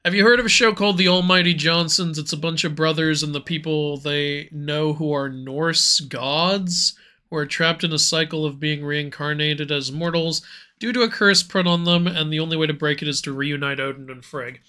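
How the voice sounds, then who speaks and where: A man's voice: a little high, fairly even intonation, moderate pace, sharp tone, smooth. A man in his late twenties co-hosting a livestream, reading out chat messages and laughing often. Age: late 20s. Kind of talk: casual stream chat.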